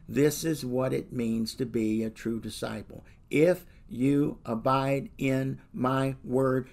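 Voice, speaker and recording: A male pastor preaches at a middle pitch, his voice carrying a gravelly rasp. He works through his points with one searching question after another aimed at the listener. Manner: repeated rhetorical questions to the listener. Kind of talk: sermon.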